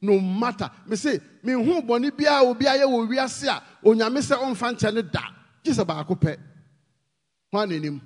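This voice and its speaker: A man with a Ghanaian accent preaching a sermon, pleading with the congregation and rising to shouted emphasis. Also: very high voice, animated, normal speed, big-room sound.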